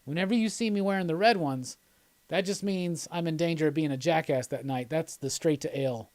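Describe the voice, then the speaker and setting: A man's voice: a little high, a little fast, no room sound. A man hosting a live stream, chatting casually in a loose, rambling, jokey way and reading out viewer comments.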